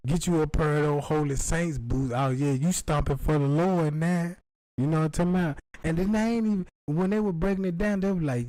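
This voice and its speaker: A man's voice: fairly high pitch, moderate pace, warm tone, no echo, poor audio. A man rambling through a profane comic monologue, slipping in and out of put-on voices. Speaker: comedian.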